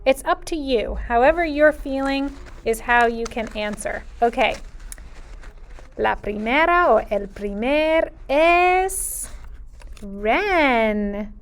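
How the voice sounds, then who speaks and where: A woman leads a video lesson for young children in a high, sing-song teacher voice. She speaks slowly and patiently and stretches out the Spanish phrases. Her voice is smooth and clear. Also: lively intonation.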